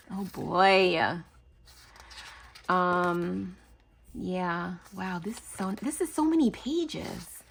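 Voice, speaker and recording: Woman, 30s, crafting vlogger: bright, lively, gushing unboxing chat. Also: lowish voice. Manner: gushing, excitable, lots of fillers and gasps. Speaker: crafting channel host. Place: home, near garage.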